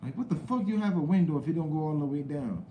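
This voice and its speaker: A young man hosting a live stream, chatting loosely with viewers in slang, shouting out names from the chat. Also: a little high, animated, fast talker, echoey room, lo-fi sound, a little hiss or hum. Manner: loose, rambling talk with slang and cursing, greets chat viewers loudly.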